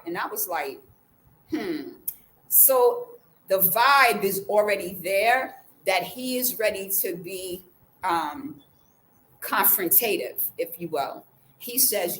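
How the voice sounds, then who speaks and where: A woman vlogger telling a personal story in a casual way, acting out the quoted dialogue with lively changes of voice. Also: fairly low pitch, slow, a little hiss or hum, rough recording. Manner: animated, acts out the quoted dialogue.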